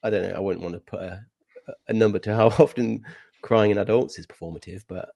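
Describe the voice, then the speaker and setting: Deep, gravelly man talking things over. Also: steady tone, warm tone, no room sound. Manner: reflective, measured, with many hedges. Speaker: podcast guest. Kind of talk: casual conversation.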